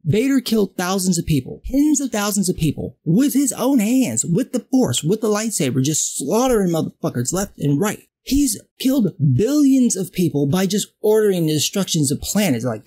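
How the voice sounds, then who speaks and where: A husky-voiced man rants through a film review, full of profanity and disbelief. His pitch swings widely as he builds his outrage. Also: big pitch swings, moderate pace, few pauses, warm tone. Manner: profane, exasperated ranting.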